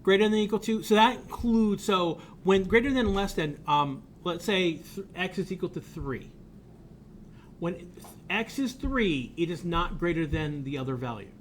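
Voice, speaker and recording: A man's voice: sits high, moderate pace, a little hiss or hum. A man teaching a college game development class, explaining in an informal way, thinking aloud and often repeating himself as he works through each point. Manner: blunt about tools he dislikes. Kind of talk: recorded classroom lecture.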